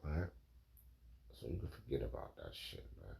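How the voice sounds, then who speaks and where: A man's voice: very deep voice, very animated, moderate pace, gravelly, a little mellow. A man preaching in a rambling, emphatic way, reading scripture and calling his listeners "man" and "bro". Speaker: informal preacher.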